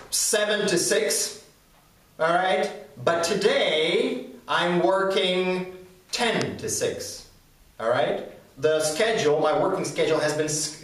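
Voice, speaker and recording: A man whose first language is Ukrainian gives an English grammar lesson. His voice sits high for a man, and it rings in a very echoey room. He speaks patiently and keeps checking that his listeners follow. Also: a bit bright, distant mic. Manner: patient, repeats "all right?" and "okay?". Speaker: English teacher. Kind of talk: explanatory lesson.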